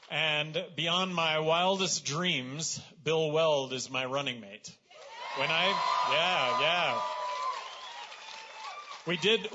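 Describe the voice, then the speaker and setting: A man giving a campaign rally speech with a very bright, tense edge to his voice. He talks in a loose, conversational way, full of fillers and self-deprecating jokes. The recording sounds dull and lo-fi, with a faint hiss behind him. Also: medium pitch. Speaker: candidate speaking at a rally. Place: political rally.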